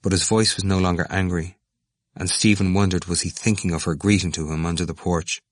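A man reading a novel aloud as an audiobook narrator in a measured, even way. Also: low-pitched, dry recording, studio quality. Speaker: audiobook reader.

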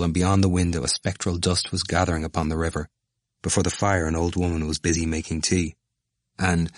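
A man with a very deep voice reads a novel aloud at a measured, even pace. The sound is dry and close, with no room around it. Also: no echo. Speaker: narrator. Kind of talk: audiobook narration of a novel.

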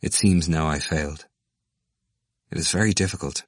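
A man reading aloud and voicing a gloomy, brooding young male student who speaks quietly and reflectively. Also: extremely low pitch, moderate pace, dry recording, studio quality.

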